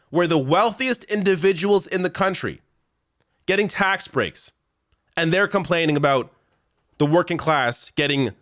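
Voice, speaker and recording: On a political commentary show, a male host with a slightly high, fairly bright voice sounds exasperated and sarcastic as he rattles off lists of names and figures. The recording is dry, with clean studio sound.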